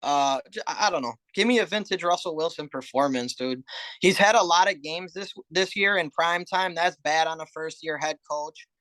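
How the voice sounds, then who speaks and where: A man's voice: fairly high pitch, moderate pace, fairly bright tone, no room sound. A man co-hosting a sports betting podcast, talking casually with a lot of hesitation fillers. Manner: hesitant, lots of uh and um. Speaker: podcast co-host.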